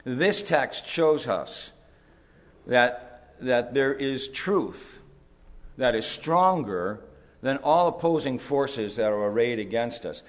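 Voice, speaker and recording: A male pastor preaching a sermon at a conference, explaining scripture deliberately and building to emphatic rises. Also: mid-range voice, expressive. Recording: long hall reverb.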